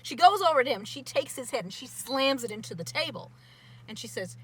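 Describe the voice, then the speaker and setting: Animated young woman telling a family story. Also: high voice, a little fast, slight background noise. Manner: animated, gets loud and excited at dramatic parts. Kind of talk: casual storytelling.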